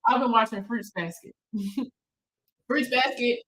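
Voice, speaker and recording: A woman with a slightly high, fairly bright voice speaks at a measured pace over a rough recording. She's a financial counselor hosting a casual livestream chat, using slang, swearing freely, and laughing often as she reads viewer comments aloud and responds.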